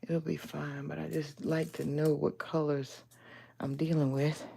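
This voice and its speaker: Her voice sits low, gravelly and mellow, with a level tone and measured pace, as she crafts on a casual live stream. The folksy woman from Aliquippa, Pennsylvania chats through stories, acting out others' lines and calling listeners honey. There's a little hiss or hum.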